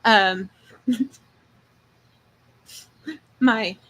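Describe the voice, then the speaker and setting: A woman's voice: medium pitch, steady tone, extremely slow, a bit bright. An older woman and grandmother hosting a casual livestream chat, talking in a folksy drawl and laughing easily. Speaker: livestream host.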